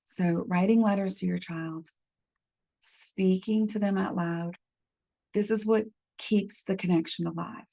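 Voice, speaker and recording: A woman leading a support group through a gentle guided reflection, calmly reading out messages from the chat. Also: medium pitch, vocal fry. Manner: gentle, unhurried, reads chat messages aloud. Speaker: medium leading a healing workshop.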